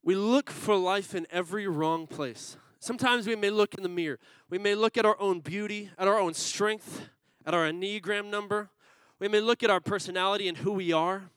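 Male preacher, high bright voice, playful sermon delivery, dry close sound. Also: smooth, no room sound, rough recording. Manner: playful, teasing the congregation. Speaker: pastor. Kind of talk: sermon with a comic story.

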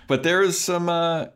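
A man's voice: a little high, fairly bright tone, clean tone. A man co-hosting a podcast, chatting casually about a TV episode, laughing often and acting out characters in silly voices. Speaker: podcast co-host. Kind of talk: casual chat recapping a TV episode.

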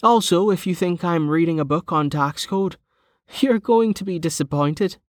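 A man narrating an audiobook voices a blunt young woman in a raised, slower voice with a deadpan manner. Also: high-pitched, dry recording, clean studio sound, voice pushed up, lightly acted. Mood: dry.

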